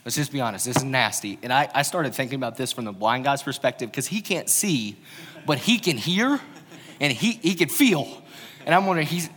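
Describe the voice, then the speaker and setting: A man's voice: medium pitch, fairly bright tone. A man preaching a casual, conversational sermon, telling stories with informal humorous asides. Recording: long reverb of a large hall.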